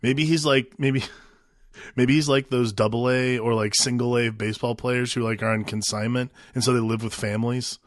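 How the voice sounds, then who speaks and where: A man's voice: medium pitch, steady tone, normal speed, dry recording, studio quality. A man co-hosting a casual movie podcast, talking in an easygoing, hesitant way. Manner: easygoing, hesitant, with many restarts and fillers. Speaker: podcast co-host.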